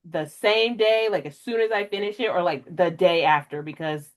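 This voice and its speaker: A young woman hosting a casual book podcast, chatty and emotional, jumping way up in pitch when she acts out her own reactions. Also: moderate pace. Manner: emotional, animated storyteller with big pitch jumps in quoted reactions. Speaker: podcast host. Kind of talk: casual chat.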